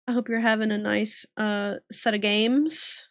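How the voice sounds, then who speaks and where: A woman's voice: mid-range voice, steady tone, measured pace, dry recording, clean studio sound. A woman streamer chatting casually with viewers while drawing, giggling often and greeting people by name. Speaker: livestreamer drawing art. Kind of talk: casual livestream chat.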